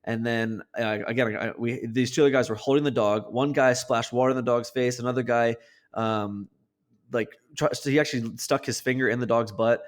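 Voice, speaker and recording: A man co-hosting a casual podcast, telling a story in an animated way and swearing freely. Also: medium pitch, moderate pace. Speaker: podcast co-host.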